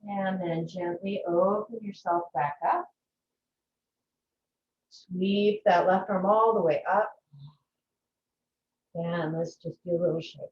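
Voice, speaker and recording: A woman teaching a yoga class over a video call, giving slow, gentle, soothing cues. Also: lowish voice, steady tone, slight background noise. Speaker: yoga instructor. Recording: far-off, echoey, muffled video-call audio.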